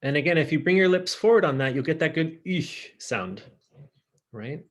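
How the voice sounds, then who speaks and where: A man's voice: a little high, expressive. Upbeat man teaching French. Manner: upbeat, chatty, slows down to model pronunciation. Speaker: high school French teacher. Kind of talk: casual online class, switching between French and English.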